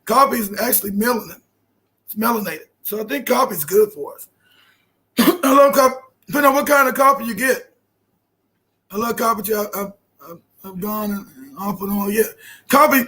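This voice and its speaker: Man, very high voice, bright tone, casual podcast host, loud and joking. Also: normal speed, long pauses. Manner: loud, joking, slipping into shouted put-on scolding voices.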